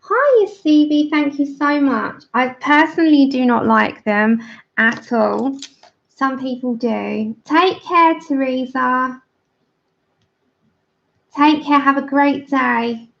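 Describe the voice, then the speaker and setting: Chatty English woman, gravelly, lo-fi stream. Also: high voice, slow pace, fairly bright tone. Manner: chatty, explains as she works. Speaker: livestream host. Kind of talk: casual chat while colouring. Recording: dull lo-fi livestream audio.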